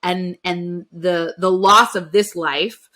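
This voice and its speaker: A woman hosting a podcast interview in a fairly low voice with a bright, crisp tone. She sounds reflective and affirming, and often answers with soft murmurs of agreement. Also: fairly even intonation, slow pace. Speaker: podcast host.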